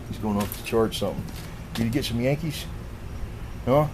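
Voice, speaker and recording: A man with a mid-range voice and an unhurried pace films his cats at home next to his old car. He sweet-talks them, rambles, and swears casually, and background noise can be heard.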